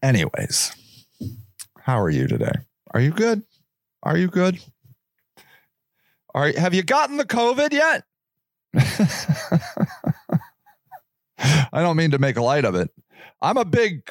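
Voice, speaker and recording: Excitable man in his forties, lively pitch. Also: dry recording. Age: 40s. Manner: animated, exclamatory, full of restarts and rhetorical questions. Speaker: podcast host. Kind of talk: rambling solo monologue.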